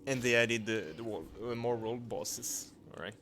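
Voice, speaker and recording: A man commenting on his gameplay, reading patch notes aloud in non-native English phrasing and breaking into excited exclamations. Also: medium pitch, normal speed, very noisy. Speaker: channel host. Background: background music.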